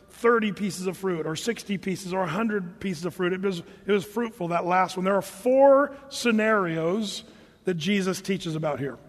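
A man preaching a casual, joking sermon, reading scripture slowly between everyday asides. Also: high voice, in a large hall. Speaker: pastor.

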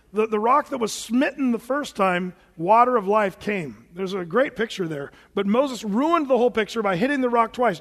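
A man's voice: sits high, fairly bright tone, big-room sound. A male pastor preaching a sermon from the front of a church, conversational and prone to restarting his phrases.

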